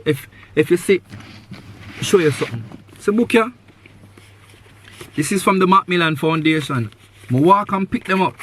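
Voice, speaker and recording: A man's voice: on the high side, fairly bright tone, a little hiss or hum. A man hosting a live podcast, giving earnest advice to a guest, repeating his main points and filling his talk with "you know.". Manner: loose sentences with many "you know" fillers. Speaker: podcast host.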